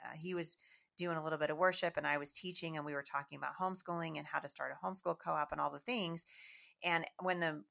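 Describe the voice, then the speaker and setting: A middle-aged woman from Washington State, a Christian speaker telling a lively personal testimony to an audience with chatty restarts. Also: sits low, gravelly. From Washington State, USA. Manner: chatty, animated storyteller with frequent restarts. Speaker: Christian speaker and homeschool teacher.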